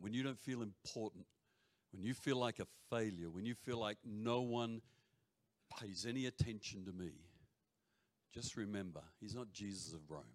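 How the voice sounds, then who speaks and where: A man preaching a sermon to a congregation, swinging between loud shouts and quiet near-whispers, with joking asides. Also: fairly low pitch. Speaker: pastor. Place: church hall before a congregation. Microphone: handheld or stage mic.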